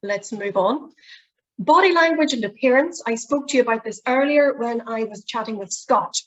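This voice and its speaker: A woman's voice: fairly high pitch, poor audio. A woman presentation skills trainer leading a workshop, chatty and encouraging with polite requests. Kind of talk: workshop teaching.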